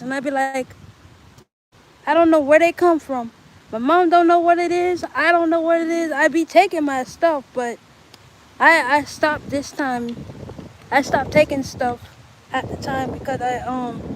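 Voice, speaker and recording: Chatty young woman, high voice. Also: a little hiss or hum, poor audio. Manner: rambling, chatty, talks to viewers. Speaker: livestreamer. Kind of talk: casual livestream chat. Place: outdoors in bright sun.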